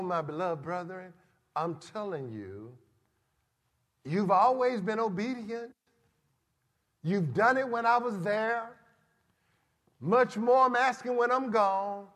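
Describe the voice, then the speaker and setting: Male preacher, soaring pitch swings, drawn-out pacing, sermon in a reverberant hall. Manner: emphatic, swings from shouts to quiet asides.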